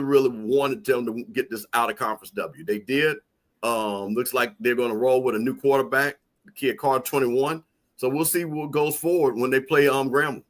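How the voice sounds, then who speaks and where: A man's voice: mid-range voice, fairly bright tone. A man with a Mississippi accent, co-hosting a sports talk show, emphatic and prone to repeating himself. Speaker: co-host, sports analyst.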